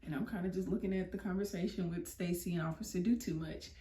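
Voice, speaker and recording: A young woman vlogger telling a story, animated and slangy. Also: lowish voice, fast talker. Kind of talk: storytime vlog. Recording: roomy, mic at a distance.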